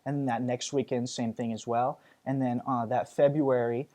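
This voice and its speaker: A man's voice: mid-range voice, flat delivery, normal speed, dark tone. A young male stage actor talking earnestly in a casual interview, with lots of ums and you-knows. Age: young adult.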